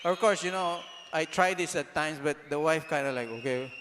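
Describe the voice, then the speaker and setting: Against a noisy background, a man with a slightly high voice speaks at normal speed in an energetic motivational talk. He throws rhetorical questions at the crowd, shouts at times, and his voice rings with long reverb like in a large hall.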